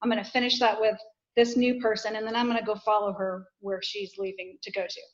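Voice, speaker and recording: A woman's voice: mid-range voice, little pitch movement, fast talker. A woman guest author talking casually on a podcast, telling candid, self-deprecating stories. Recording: dull, muffled sound.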